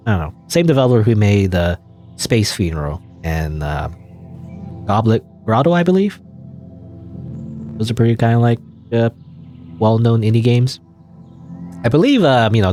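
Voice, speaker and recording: Man, let's play host, casual gameplay commentary, rambling with fillers, animated pitch, faint background music. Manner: rambling, hesitant, many fillers and restarts. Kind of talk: casual gameplay commentary, reading game text aloud.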